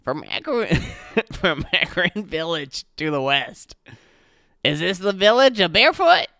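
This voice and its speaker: A man voicing a small, eager male gnome artificer in a high, shouting voice. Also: very animated, a little slow, vocal fry, dry recording, clean studio sound, exaggerated voice. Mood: friendly.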